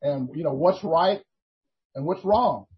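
An older man, a minister giving an earnest, halting testimony in a Christian talk show interview, full of restarts. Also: on the high side, lively intonation, slightly rough. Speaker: prison minister. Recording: dull lo-fi recording.

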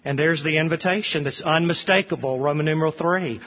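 A man's voice: fairly high pitch, a little fast, hardly any pauses. A man preaching a sermon with passion, lifting his voice when he quotes scripture. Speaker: pastor. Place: church sanctuary. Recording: dull sound with long hall reverb.

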